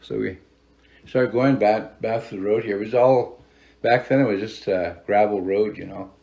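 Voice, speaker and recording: Gravelly low-voiced elderly man. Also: fairly even intonation, darkish tone. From Fort Belknap, Montana, United States. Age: older. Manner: unhurried, rambling, many "you know" fillers. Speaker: tribal elder. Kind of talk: oral storytelling interview.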